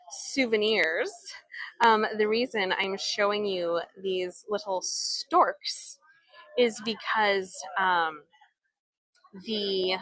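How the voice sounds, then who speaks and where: A woman's voice: mid-range voice, a bit bright, dry recording, rough recording. A young woman giving a live walking tour outdoors, speaking in an enthusiastic, chatty way into a handheld phone. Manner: chatty, enthusiastic, reads viewer comments. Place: outdoors in an old town street.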